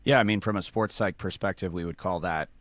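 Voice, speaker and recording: A man's voice: low-pitched, fairly quick, no room sound. A man casually explaining sports science step by step, with many fillers.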